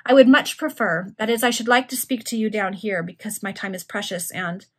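A woman's voice: mid-range voice, fairly quick, lightly acted. A woman voicing a nervous, stammering male stockbroker in an informal read-aloud among friends. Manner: stammering, tremulous.

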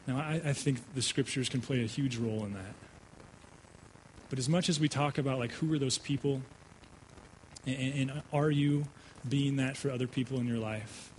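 Man preaching with animated, stammering storytelling. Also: medium pitch, normal speed, long pauses, slight background noise, rough recording. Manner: animated storytelling, many self-restarts and stammered repeats. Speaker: pastor. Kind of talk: sermon with personal story. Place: church sanctuary.

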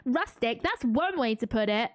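A woman's voice: fairly high pitch, animated, normal speed, dry recording, clean studio sound, natural voice. A woman voicing a friendly, practical female carpenter who welcomes a newcomer in a farming game. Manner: welcoming, matter-of-fact.

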